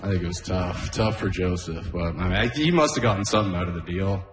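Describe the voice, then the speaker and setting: A man's voice: sits low, fast talker, roomy sound. A man from Canada performing a stand-up comedy set, laughing at his own jokes and often saying "oh, man".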